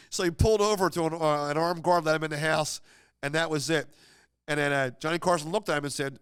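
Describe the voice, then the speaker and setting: A man's voice: a little high, a little fast, long pauses, clean tone, dry recording, studio quality. A man hosting a podcast, casually retelling an anecdote in a rambling, chatty way full of fillers and restarts. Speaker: podcast host.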